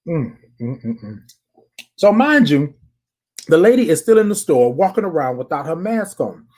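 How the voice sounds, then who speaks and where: Animated, husky podcast storyteller. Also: medium pitch, normal speed. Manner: animated, repeats phrases, addresses listeners directly. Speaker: podcast host.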